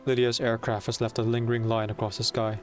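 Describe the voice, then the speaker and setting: A man plays through a story game and reads its lines aloud. He chats and reacts between passages in a loose, thinking-aloud way. Soft music plays faintly behind him. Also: mid-range voice, level tone, fast. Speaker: streamer reading a game story. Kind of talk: casual gameplay commentary and read-aloud.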